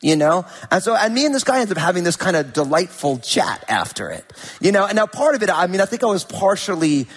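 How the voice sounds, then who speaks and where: A man preaching a sermon as a pastor, telling a story in an animated way and acting out the people in it. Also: high voice, a little fast, breathy edge. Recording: hall reverb.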